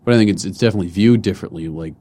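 A man's voice: deep voice, very fast, mellow. A man in his twenties, a comedian and personal trainer, chatting loosely as a podcast guest in a studio with many restarts and fillers. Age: 20s. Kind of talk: casual podcast conversation.

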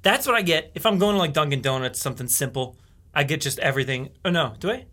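A man co-hosting a podcast in casual chat, animated and swearing, often jumping into high put-on voices for bits. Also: fast. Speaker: podcast co-host.

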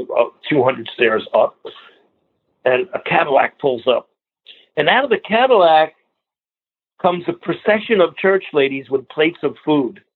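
A man's voice: medium pitch, slightly rough. A man in his sixties from the New York area, a guest musician telling long anecdotes and acting out the other people in them. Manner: animated anecdotal storyteller who acts out other people's lines. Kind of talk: storytelling interview. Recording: phone-like narrow sound.

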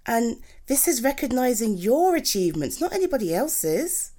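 A woman performing a romantic comfort audio roleplay, gushing and reassuring as she speaks to an unseen partner. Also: on the high side. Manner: slow, lively, swooping speech.

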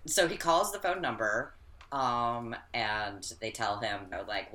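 A woman with an unusually deep voice but a bright, forceful edge, chatting loosely about a film. She fills her talk with ums and likes and drops the odd curse. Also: a little slow. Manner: chatty, filler-heavy, swearing. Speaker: podcast co-host. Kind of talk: casual film discussion.

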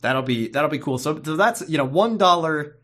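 Lively, rambling podcast co-host man. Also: fairly high pitch, normal speed. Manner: rambling, self-interrupting, playful. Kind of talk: casual podcast chat.

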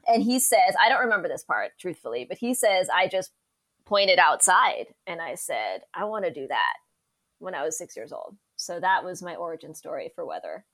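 A woman meteorologist as a podcast guest, telling stories in a casual, animated way and acting out the quoted voices of the people in them. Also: fairly low pitch, normal speed. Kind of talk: casual storytelling interview.

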